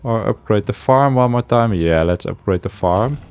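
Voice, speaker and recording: A man's voice: on the low side, animated, moderate pace, darkish tone, clean tone, faint music behind. A man giving casual let's-play commentary, thinking aloud with hesitations and frequent chuckles. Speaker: game streamer.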